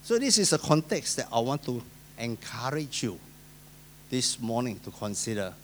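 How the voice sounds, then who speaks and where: Preaching with a Singaporean English accent, this male pastor speaks at medium pitch and a moderate pace, very animated throughout. He alternates loud emphatic lines with soft asides and voices the people he quotes, while a little hiss or hum sits under the recording.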